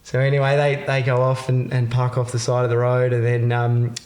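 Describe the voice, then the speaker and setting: Australian guest storyteller, rambling and jokey, echoey room. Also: male voice, medium pitch, completely flat delivery, brisk, a little mellow. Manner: laughs through his stories, loose and rambling. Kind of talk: casual storytelling.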